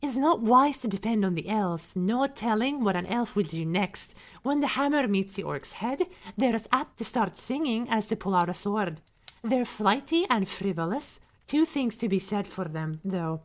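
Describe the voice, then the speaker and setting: A woman's voice: mid-range voice, animated, normal speed, natural voice. A woman voicing a proud, clannish dwarf in a put-on Scottish-Irish-like brogue, blunt and opinionated, in an ASMR role-play reading. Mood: gruff. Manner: blunt, opinionated, folksy speech with "ye".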